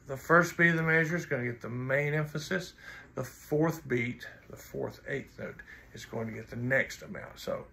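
A man's voice: mid-range voice, moderate pace, gravelly, sharp tone, a little hiss or hum. A man teaching trombone in an instructional video, blunt and teasing, counting and singing rhythms aloud.

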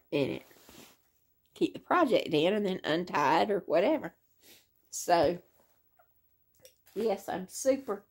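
An older woman, chatting casually to her viewers from her living room in a rambling, sleepy way. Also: medium pitch. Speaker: crochet vlogger. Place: living room, in a hospital bed.

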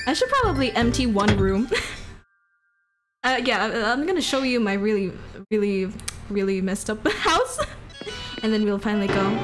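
A woman streaming a game live, chatting playfully, giggling and letting out excited yelps. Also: medium pitch, moderate pace, long pauses. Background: game music.

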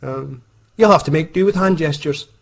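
A Scottish man voicing his blunt, matter-of-fact boss, close to his own husky voice. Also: on the high side, normal speed, pitched above the performer's own voice.

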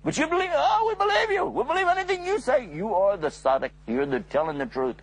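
A man voicing an eager, loud crowd of townsmen in a children's story, calling out in a high, raspy voice. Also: big pitch swings, fast, heavily acted. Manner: high, shouting, overlapping calls.

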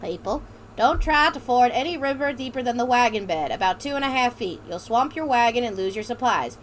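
A woman's voice: a little high, animated, brisk, a little hiss or hum, lightly acted. A woman voicing a male pioneer-era ferryman who touts his ferry, in a folksy put-on drawl. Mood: salesy.

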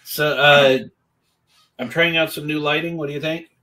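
A man co-hosting a casual company webcast, with dry, deadpan jokes. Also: on the high side, moderate pace. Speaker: webcast co-host.

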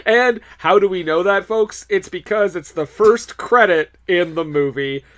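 A man's voice: high voice, a little slow, a crowd in the background. A man co-hosting a podcast about bad movies, chatting casually and joking with frequent laughter. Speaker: podcast co-host. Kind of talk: casual chat.

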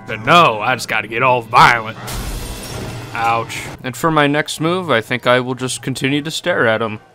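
A man's voice: medium pitch, moderate pace, sharp tone, faint music behind. A young man giving joking let's-play commentary, laughing often and yelping playfully. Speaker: gaming YouTuber.

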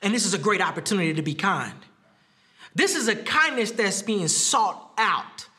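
A man preaching a sermon as pastor, animated, laughing often and acting out quoted lines. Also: moderate pace. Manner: acts out quoted speech with rising pitch.

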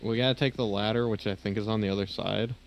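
A man with a low, gravelly voice talks a friend through a co-op heist game. He gives quick tactical calls and pokes fun at himself. Faint noise sits under the voice. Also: steady tone. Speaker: streamer. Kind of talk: casual gaming chat.

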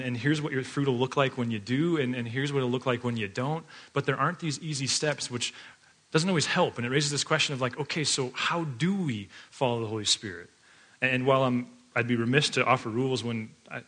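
Chatty, bright-voiced male pastor. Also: mid-range voice. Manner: chatty, filler-heavy, often laughing while telling stories. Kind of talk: conversational sermon with storytelling.

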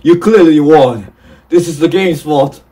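A man's voice: a little high, measured pace, warm tone. A young man hosting a casual gaming session, laughing often and yelping in panic. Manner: giggly, yelps and screams in panic. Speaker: gaming channel host.

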